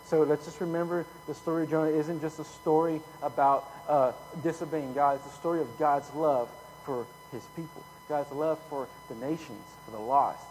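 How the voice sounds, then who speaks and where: A man preaching a casual, conversational sermon full of slang, growing louder when he reads scripture. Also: fairly high pitch, steady tone, moderate pace, hardly any pauses. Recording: hall reverb, faint hum.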